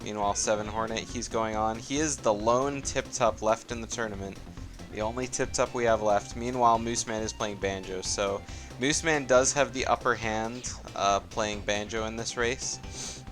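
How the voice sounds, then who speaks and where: Over soft game music, a tournament caster calls a live racing game with a fairly low pitch, fairly even intonation and moderate pace. His esports play-by-play is relaxed and chatty, often trailing off with fillers.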